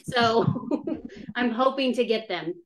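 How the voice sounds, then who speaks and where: A woman's voice: on the high side, slow, a little hiss or hum, rough recording. A woman author chatting casually on a podcast, laughing often and acting out her own quoted remarks. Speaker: guest author.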